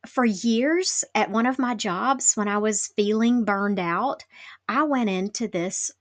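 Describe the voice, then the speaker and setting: A woman's voice: mid-range voice, slow pace, dry recording. Chatty woman hosting a podcast. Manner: chatty, lots of "like" fillers; candid and self-deprecating. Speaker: podcast host. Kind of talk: casual solo podcast talk.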